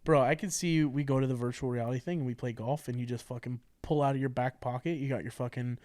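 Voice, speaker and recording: A young man co-hosting a podcast, riffing with quick, crude jokes in casual banter. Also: mid-range voice, steady tone, a little mellow, no echo. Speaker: podcast co-host.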